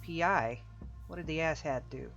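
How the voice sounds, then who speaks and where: A man's voice: on the high side, normal speed, gravelly, fairly bright tone, highs cut off, soft background music. A man voicing a rude, threatening male thug outside a bank. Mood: hostile. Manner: snarling, threatening.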